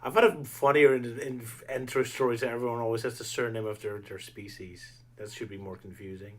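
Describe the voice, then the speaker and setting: Dutch-accented man hosting a casual podcast chat. He speaks at a middling pitch and jokes in a dry, wry way. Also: fairly even intonation, a little fast. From Netherlands. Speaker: podcast host.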